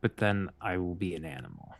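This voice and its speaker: A man's voice: low voice, very animated, brisk, gravelly, no echo. A man playing a tabletop game, rambling and correcting himself as he talks. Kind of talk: casual game table talk.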